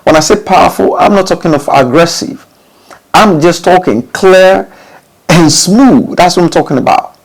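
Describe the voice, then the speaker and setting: A man's voice: high-pitched, normal speed, vocal fry, rough recording. A man hosting a studio channel, giving casual advice to recording artists, with emphatic rhetorical questions and many restarted phrases. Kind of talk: casual talk to camera.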